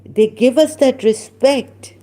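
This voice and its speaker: A woman from Pakistan, telling a personal story in a halting way, full of restarts and fillers and the odd Urdu phrase. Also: high voice, mellow, slight background noise.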